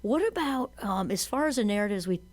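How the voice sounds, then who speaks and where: An enthusiastic woman talking in a casual podcast conversation. She is chatty and agrees readily with her co-host, and her voice sits at an ordinary middle pitch. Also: animated, a little fast, darkish tone.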